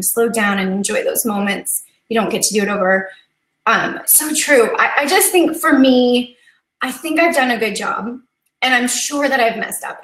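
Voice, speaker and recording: A woman in her thirties hosts a live coffee chat on a stream, her medium-pitched voice a bit bright in an echoey room. She's earnest and chatty, laughs easily, and gets teary.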